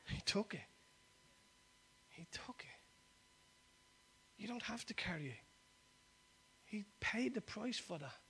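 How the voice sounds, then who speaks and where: A man, preaching a sermon that swings from loud exhortation to quiet, intimate appeal. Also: high-pitched, expressive, normal speed, gravelly, pauses often, a little hiss or hum.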